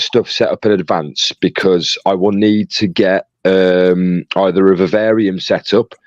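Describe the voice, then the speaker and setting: Chatty low-voiced man reading chat. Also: dry recording, muffled recording. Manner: reads out chat messages, jokey and chatty. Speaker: co-host reading live chat. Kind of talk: casual livestream chat.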